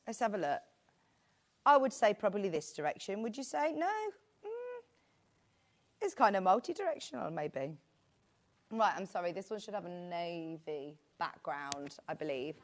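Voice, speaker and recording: A British woman presenting a live shopping show, chatting in a rambling, friendly way with asides. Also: medium pitch. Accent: British English. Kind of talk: live sales chat.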